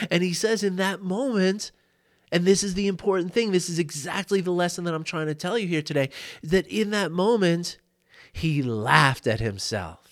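A man teaching mindfulness in an easygoing, conversational way, his voice sitting a little higher than most men's. He laughs often as he talks, leans on "you know" and "right?", and is recorded on a boom mic. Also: moderate pace, a bit bright. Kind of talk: casual teaching talk.

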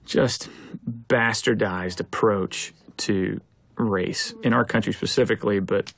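A man's voice: lowish voice, fairly even intonation, slow, gravelly, fairly bright tone. A man, a film director, giving an earnest, reflective audio commentary, thinking aloud as he talks.

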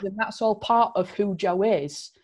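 A woman's voice: mid-range voice, unhurried. Woman host, earnest, explains stuff with emphasis. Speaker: podcast host. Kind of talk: casual chat.

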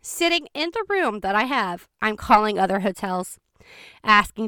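A chatty woman recounting a story in a casual vlog, quick and expressive. Her voice is smooth and clear at a mid pitch, and the sound is close and dry, with no room echo. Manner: chatty, expressive, fast bursts. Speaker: vlogger.

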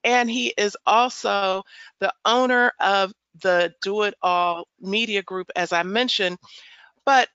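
A woman's voice: mid-range voice, slow pace, fairly bright tone, clear, resonant tone, dry recording, lo-fi sound. A woman hosting a podcast interview, introducing her guest with enthusiasm. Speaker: podcast host.

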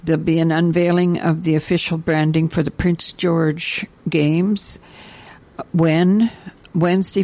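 An older woman, hosting a community radio show, reading announcements in a halting way with many fillers. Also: deep voice, creaky, dark tone. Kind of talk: casual radio chat and announcements.

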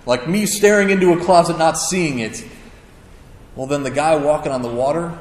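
A man's voice: a little high, normal speed. A man preaching a sermon, telling stories in a casual, conversational way with self-deprecating humor. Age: adult with a child. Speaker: pastor. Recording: echoey hall with long reverb.

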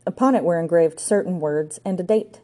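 A woman narrating an audiobook with a low, mellow voice. Her reading is dry and steady. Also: brisk.

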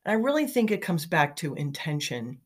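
A woman's voice: deep voice, very animated, moderate pace. A middle-aged woman talking in a chatty, motivational way, telling anecdotes with fillers and light laughs. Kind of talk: casual motivational storytelling.

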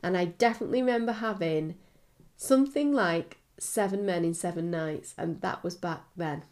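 A woman's voice: lowish voice, normal speed, darkish tone. A woman co-hosting a podcast in casual chat. Her voice sounds nasal and blocked up from a cold, and she talks candidly, giggles often and uses lots of fillers. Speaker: podcast co-host.

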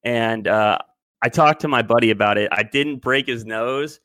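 A man's voice: medium pitch, moderate pace, pushed and bright, no room sound. A man in his twenties telling a long story in casual podcast chat, rambling and loose. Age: 20s. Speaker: podcast co-host.

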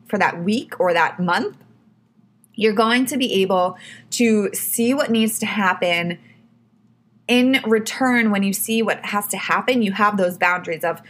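A woman's voice: medium pitch, animated, unhurried, a bit bright. A woman hosting her own podcast, giving casual advice in a chatty way, full of "like" and "you know". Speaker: podcast host.

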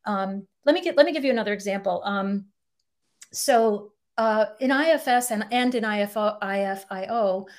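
A woman's voice: medium pitch, moderate pace. A middle-aged woman, a couples therapist, explaining ideas in a podcast interview and acting out example quotes.

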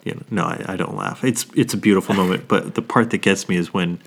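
A man in his thirties with a low voice talks casually as a podcast co-host. He drops swear words all the time and gets openly emotional over favorite movies. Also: steady tone, quick pace, creaky, breathy edge. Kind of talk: casual chat.

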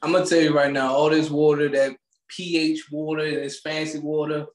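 A man co-hosting a podcast, ranting loudly with swearing and frequent laughter, speaking. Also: a little high, normal speed, reverberant. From Maryland, USA. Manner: loud, animated, swearing, laughing often. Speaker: podcast co-host. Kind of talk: casual comedic rant.

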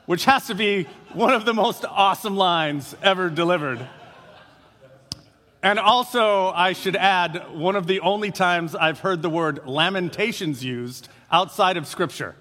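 A man with a notably high voice preaches a sermon to his congregation, chatty and loose, often pausing on "uh." His voice rings out in a church sanctuary with a long, trailing reverb. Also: bright, forceful tone. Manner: conversational, frequent filler uhs. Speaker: pastor.

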